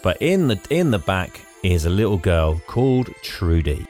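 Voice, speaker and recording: Pitched low with a sing-song, slightly mellow delivery at normal speed, this podcast co-host chats casually while faint music plays behind him. He walks through a movie's plot, performing its lines and laughing a lot.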